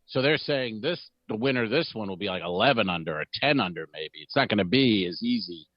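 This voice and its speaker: A man's voice: on the low side, expressive, no echo. Chatty guy cohosting a comedy podcast, rambly, kinda muffled dry audio. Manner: chatty, quick asides, rambling. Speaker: podcast co-host. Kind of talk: casual comedy podcast chat.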